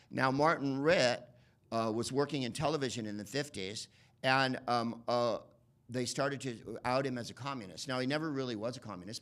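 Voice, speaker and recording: A man doing stand-up comedy, rambling and profane, slipping into quick voice impressions. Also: medium pitch, a bit bright. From United States. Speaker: comedian and podcast host.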